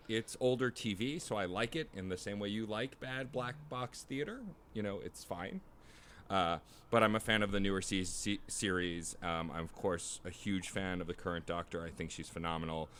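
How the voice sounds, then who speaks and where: A man co-hosting a casual podcast, upbeat and quick to laugh. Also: on the low side, a bit bright, slight background noise. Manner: upbeat, laughs often, uses fillers. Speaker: podcast co-host.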